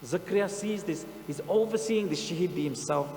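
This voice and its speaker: A man's voice: sits high, normal speed, a little mellow. Impassioned male preacher in an echoey hall. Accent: British Punjabi. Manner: impassioned, dramatic retelling mixing Punjabi phrases. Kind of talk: sermon storytelling. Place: outdoor camp hall. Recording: echoey hall with mains hum.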